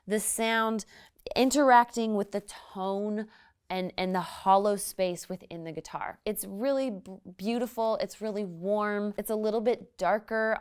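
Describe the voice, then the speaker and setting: A woman's voice: mid-range voice, clean tone. Woman teaching guitar tone, casual. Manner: relaxed, friendly explaining with small restarts. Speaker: guest guitar instructor. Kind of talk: casual guitar lesson demo. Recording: loud guitar music between lines.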